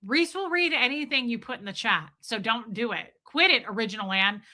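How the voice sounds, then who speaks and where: A woman's voice: on the high side, lively intonation, a little fast, sharp tone. A woman hosting a livestream, chatting casually and reading viewers' comments aloud. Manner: chatty, reads chat aloud, giggly. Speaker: livestream host.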